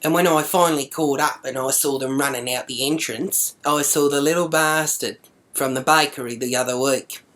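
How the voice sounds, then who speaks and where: An Australian woman with a notably low, deep-set voice tells her story straight to camera. She rants with indignation and swears at nearly every turn, in the coarse manner of a comic vlogger. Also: steady tone, moderate pace, a bit bright.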